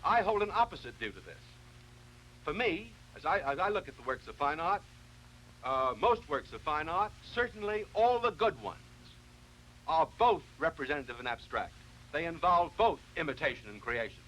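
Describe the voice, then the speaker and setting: A man giving a televised philosophy lecture, explaining in a measured, deliberate way and often restarting his sentences. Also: a little high, sing-song, a bit bright, a little hiss or hum, poor audio.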